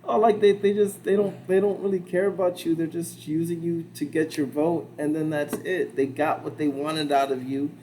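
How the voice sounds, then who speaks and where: A man's voice: a little high, flat delivery, moderate pace, hardly any pauses, warm tone, a little hiss or hum, voice pushed up, lightly acted, low-quality recording. A man imitating a nice, baffled old Filipino man in a put-on Filipino accent, his voice raised above his usual talk. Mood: indignant.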